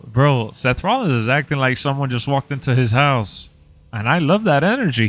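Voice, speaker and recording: A man hosting a live watch-party stream, reacting to the show with excitable, slangy commentary. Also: a little high, normal speed, soft background music. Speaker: livestream reaction host.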